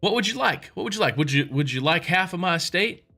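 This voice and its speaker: Rich Texan party host, brash and excitable, pitched well above the man's own voice, done by a man. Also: fast, faint music behind, exaggerated voice. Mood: amazed. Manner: loud, exclamatory, stammering with excitement.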